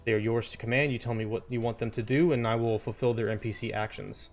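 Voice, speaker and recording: A man running a tabletop game as game master, narrating scenes in a descriptive, steady storytelling manner. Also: medium pitch, fast talker, soft background music.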